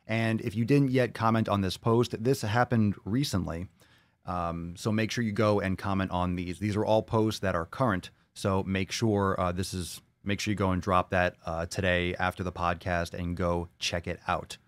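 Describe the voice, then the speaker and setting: Profane, excitable low-voiced male podcast host. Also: moderate pace, no room sound. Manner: profane, excitable, repeats phrases. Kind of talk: casual podcast monologue.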